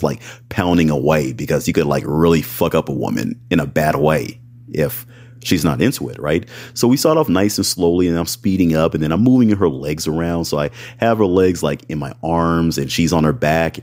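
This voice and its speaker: A man's voice: very deep voice, darkish tone. A man hosting a podcast, telling a story in casual, rambling talk full of fillers, often checking in with "right?" and "y'all". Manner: rambling, filler-heavy, keeps asking "right?"; addresses listeners as "y'all". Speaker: podcast host.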